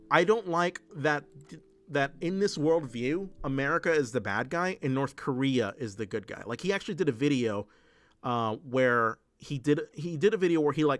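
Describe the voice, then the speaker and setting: A man doing livestream political commentary, reading chat as he goes, heated and profane, often restarting his sentences. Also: medium pitch. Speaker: political streamer.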